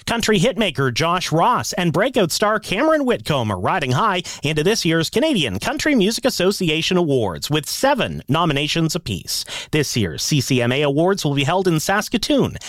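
A man reading a national news update for a wire service, in a crisp newsreading manner. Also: on the high side, huge pitch swings, moderate pace, a bit bright, dry recording, clean studio sound.

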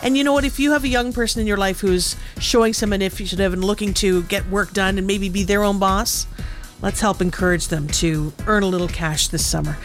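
A woman's voice: medium pitch, steady tone, a little fast. Woman, radio host, chatty, upbeat, light background music. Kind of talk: casual radio chat.

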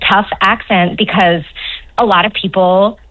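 A woman from Newfoundland with a Newfoundland accent, a dialect coach talking as a guest on a radio call-in show, chatty and quick to laugh. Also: medium pitch, steady tone, a bit bright, highs cut off. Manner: chatty, laughs often, trails off and restarts. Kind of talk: radio interview.

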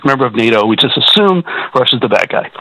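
A man's voice: medium pitch, expressive, fast, bright, forceful tone, poor audio. A Canadian man calling in to a radio talk show, talking in an agitated way with many stumbling restarts. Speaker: caller.

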